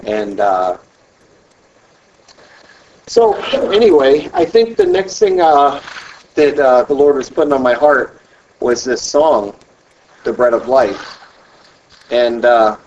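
A man giving an earnest personal faith testimony, talking haltingly and repeating himself. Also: mid-range voice, a little mellow, slight background noise. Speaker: speaker sharing his testimony. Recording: distant, dull mic.

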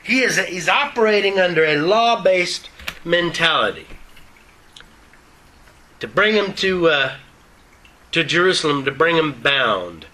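An older man teaches the Bible in a folksy, joking style. His voice sits fairly high and rings bright and forceful, and his loose dentures slur a syllable now and then. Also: animated, a little slow, pauses often, rough recording. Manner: folksy and joking, with reading of scripture. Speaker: preacher.

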